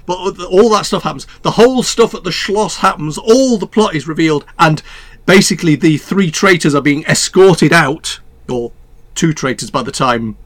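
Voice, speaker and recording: A man's voice: on the high side, fairly bright tone. A man enthusing about a film in casual conversation, rambling with restarts and laughs.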